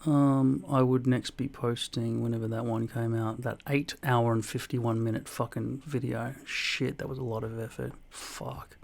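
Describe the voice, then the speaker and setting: Gravelly, flat-voiced deadpan man. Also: mid-range voice, normal speed, hardly any pauses. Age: 40s. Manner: dry, deadpan, heavy swearing. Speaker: hairpiece vlogger reading viewer comments. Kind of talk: casual comment-reply vlog.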